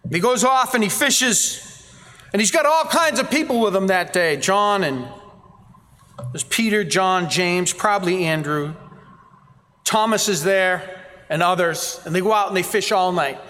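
A man preaching a sermon, telling scripture stories with animated voices for the people in them. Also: high voice, a little slow. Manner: animated storytelling, acting out quoted voices. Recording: reverberant hall.

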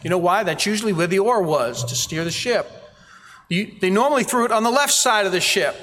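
A man preaching a sermon, telling scripture stories with animated voices for the people in them. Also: sits high, a little fast. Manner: animated storytelling, acting out quoted voices. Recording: reverberant hall.

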